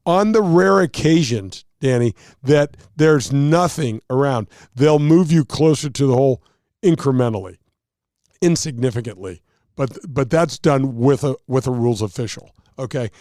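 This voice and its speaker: A man's voice: mid-range voice, moderate pace, darkish tone, no room sound, studio quality. A man, a touring golf pro, explaining rules and telling stories in a casual chat, acting out quotes and laughing at himself.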